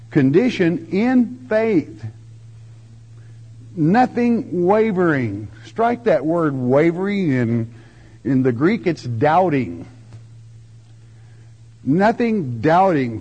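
An older man preaching a folksy verse-by-verse sermon, with homespun turns of phrase and slow, drawn-out emphasis. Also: fairly high pitch, mellow, husky, highs cut off. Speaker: preacher teaching scripture.

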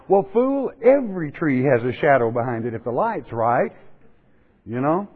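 A man's voice: fairly high pitch, animated, normal speed, slightly rough. Folksy preacher man, tinny phone-like sound. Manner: folksy, joking asides, digressive. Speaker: pastor. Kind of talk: sermon.

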